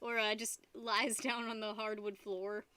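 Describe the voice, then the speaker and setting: A woman's voice: a little high, little pitch movement, a little slow, pushed and bright, clean tone. A young woman hosting a live stream from home, chatting loosely and giggling while she paints. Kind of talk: casual chat while painting.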